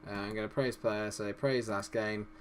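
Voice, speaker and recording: This young gaming YouTuber casually narrates his own football management game, swearing freely and reacting with cheers and groans. He speaks at a moderate pace in a fairly low voice with fairly even intonation. The audio carries a little hiss or hum.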